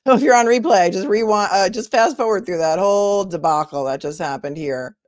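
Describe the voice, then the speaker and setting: A woman's voice: medium pitch, brisk, darkish tone, no room sound, studio quality. A woman attorney hosting a casual livestream, chatting and answering viewer comments as she thinks aloud.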